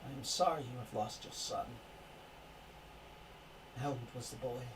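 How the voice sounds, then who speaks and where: A man's voice: medium pitch, moderate pace, lightly acted. A man voicing a grave devout village father and husband, recorded from a distant mic with background noise. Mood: solemn.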